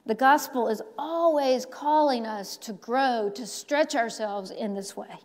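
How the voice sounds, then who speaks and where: A woman pastor preaching a sermon, telling a story slowly with dramatic pauses. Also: on the high side. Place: large church sanctuary. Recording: long church hall reverb.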